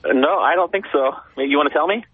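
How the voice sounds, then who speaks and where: An American man calling in as a guest, relaxed and good-humored, hedging his answers. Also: fairly high pitch, quick pace, slightly rough, dry recording. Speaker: embassy press secretary guest. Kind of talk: phone-in radio interview. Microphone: telephone. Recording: tinny phone line.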